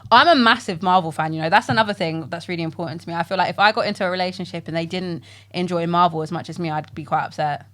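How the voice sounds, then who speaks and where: A woman's voice: lowish voice, fast, a bit bright. A young woman with an English accent, co-hosting a podcast in a playful, joking manner. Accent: British English. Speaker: podcast co-host. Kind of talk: casual chat.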